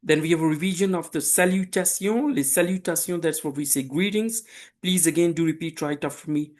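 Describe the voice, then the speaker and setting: This beginner French lesson comes from a man from Pakistan who patiently, deliberately presents French phrases and their English meanings for the listener to repeat in slow drills. He has a fairly high, slightly mellow voice.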